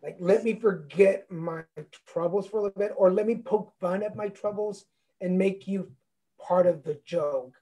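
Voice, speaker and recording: A man's voice: sits high, normal speed, warm tone, poor audio. A man hosting a podcast in a casual interview, reflective and encouraging as he searches for his words. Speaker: podcast host.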